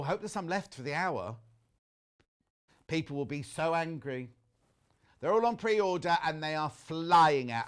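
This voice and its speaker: A man's voice: a little high, clear, resonant tone. A middle-aged man presenting a shopping channel, chatting and reading out viewer messages in a gossipy way. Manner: lively, gossipy, reads viewer messages aloud. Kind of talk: chatty live TV selling. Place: TV studio.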